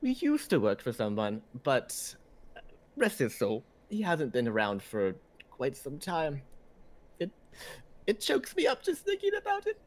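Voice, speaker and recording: A tall, spindly clockwork soldier, earnest and zealous but lost without orders, voiced by a man. The voice leaps all over its range, dropping low and solemn, then jumping high. It stammers and restarts as it works out simple questions. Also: a little slow. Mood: puzzled. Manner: stammering, naive, swings between solemn and excitable.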